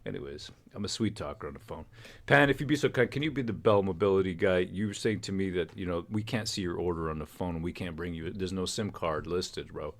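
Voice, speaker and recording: A man's voice: sits low, a little fast. A man hosting a live stream, chatting casually in a rambling, joking way. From Canada. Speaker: livestream host. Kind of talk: casual livestream chat.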